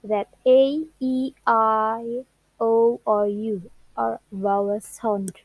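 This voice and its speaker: A young woman, a student whose first language is Indonesian, presenting what she learned about English word stress in a careful, halting way and drawing out example words. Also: fairly high pitch, little pitch movement, no echo, rough recording. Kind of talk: classroom presentation.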